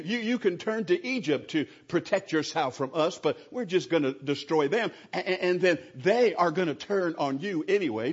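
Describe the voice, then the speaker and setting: Pastor guy preaching, husky voice, keeps restarting his words, dull lo-fi sound. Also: a little high. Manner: stammering restarts, animated. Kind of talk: sermon.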